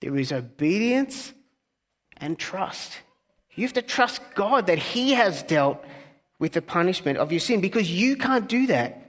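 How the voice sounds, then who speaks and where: A man's voice: high-pitched, sing-song, unhurried. Earnest conversational male pastor. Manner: conversational preaching with humorous asides; earnest, softening to near-whispers on key words. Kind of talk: sermon.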